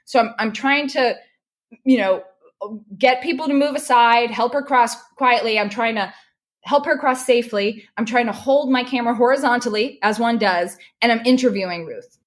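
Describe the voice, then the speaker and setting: A middle-aged woman telling a heartfelt personal story as a podcast guest, animated and stumbling over her words as she grows emotional. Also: fairly high pitch, moderate pace. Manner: animated, restarts when moved.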